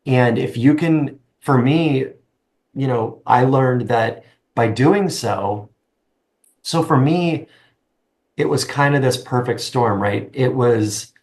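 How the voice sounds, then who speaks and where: A middle-aged man, a guest in an interview, speaking earnestly with halting restarts. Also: medium pitch, a little mellow. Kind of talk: conversational interview.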